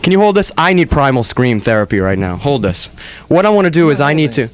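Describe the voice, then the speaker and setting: A man's voice: mid-range voice, sing-song, fairly quick. A man hosting a comedic radio show on a studio microphone, ranting in mock-melodramatic exasperation.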